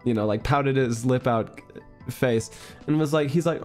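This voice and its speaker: Young male streamer, hoarse voice, rambling casual chat, faint music underneath. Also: mid-range voice, moderate pace. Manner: rambling, animated storytelling with laughs. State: hoarse, recovering voice.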